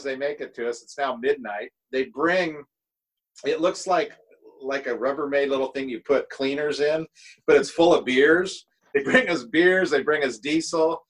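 A guest drummer, a middle-aged man from the US, spins laid-back road stories with plenty of cursing and rambling, just casual storytelling. His voice is a little high and a bit bright, and the audio is poor.

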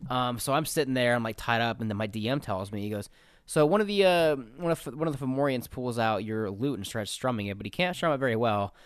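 A man's voice: mid-range voice, animated, fast talker, clean tone, no echo, clean studio sound. A man casually telling a story from his tabletop game, rambling and profane, with lots of fillers. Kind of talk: casual anecdote.

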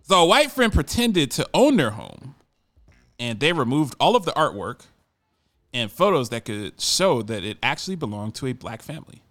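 This radio talk show host has a mid-range, somewhat bright voice with a sing-song lilt and a moderate pace. He reads a news article on air, veering into excited, laughing tangents and tripping over words now and then.

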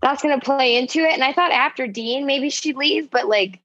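A woman's voice: sits high, moderate pace, fairly bright tone, no room sound, muffled recording. A woman co-hosting a casual recap podcast, talking bluntly and profanely and cracking jokes. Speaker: podcast co-host. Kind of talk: casual reality-TV recap chat.

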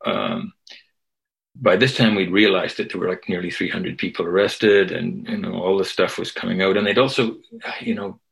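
A man's voice: deep voice, lively intonation, moderate pace, creaky, a bit bright, poor audio. An older man, a guest activist and historian, telling a story in a loose conversational way, often tagging his sentences with "right?". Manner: conversational, tags lines with "right?". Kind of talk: storytelling interview.

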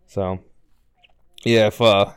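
A man's voice: fairly low pitch, little pitch movement, slow pace, smooth, dry recording. Sarcastic man, dry close sound. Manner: sarcastic, ribbing. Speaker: podcast co-host. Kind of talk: casual banter.

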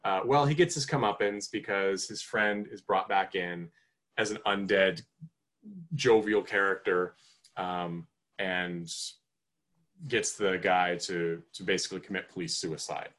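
A man on a podcast talks through a movie in loose, casual chat. His voice sits a bit low, and he rambles with fillers and restarts, rising in pitch when he gets excited. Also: a little slow. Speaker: podcast co-host. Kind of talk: casual film review chat.

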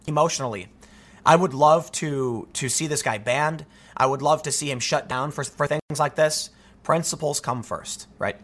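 A man's voice: fairly high pitch, a bit bright. A man giving political commentary, reading news aloud and reacting emphatically with disbelief.

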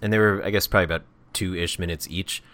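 A man co-hosting a podcast in casual chat, talking quickly and stumbling over repeated words. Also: low voice, fairly even intonation, fairly bright tone, no echo. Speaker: podcast co-host.

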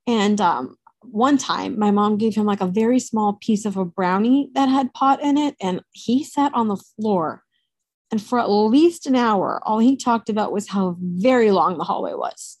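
Woman storyteller, candid and animated, salty language, mid-range voice, dry close sound. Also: mid-range voice, dry recording. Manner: candid, animated, swears freely. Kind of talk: casual storytelling to camera.

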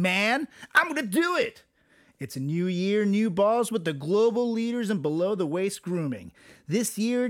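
A man's voice: high voice, fairly bright tone. A man on a podcast reading a sponsor ad in a jokey, salesy way. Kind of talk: upbeat ad read.

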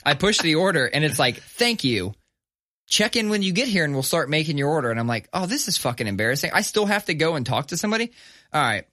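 Animated, profane man telling a story. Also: on the high side, quick pace, no room sound, clean studio sound. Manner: animated, profane, acts out voices in his stories. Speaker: podcast co-host. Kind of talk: casual storytelling chat.

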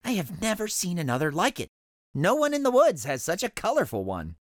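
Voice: medium pitch, huge pitch swings, a little fast, no room sound, studio quality, voice pushed up. A storybook reader voicing a fussy, house-proud male rabbit who scolds his guests. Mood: wistful. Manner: scolding, anxious about his rug. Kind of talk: storybook read-aloud.

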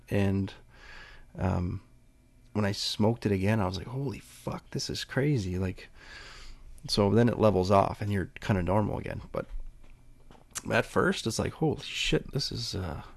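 Laid-back low gravelly man rambling. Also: a little mellow, no room sound. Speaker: podcast host. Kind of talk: casual solo podcast talk.

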